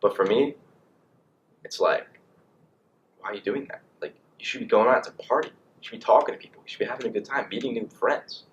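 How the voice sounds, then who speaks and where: A young man in college vlogging casually, rambling and animated with lots of fillers. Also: mid-range voice, brisk, highs cut off, a little hiss or hum. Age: young adult. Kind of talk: casual monologue to camera.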